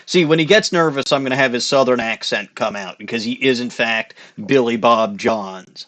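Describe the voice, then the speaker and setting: A man's voice: mid-range voice, moderate pace, few pauses, a bit bright. A man giving casual, profane gameplay commentary with wry asides. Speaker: let's play host.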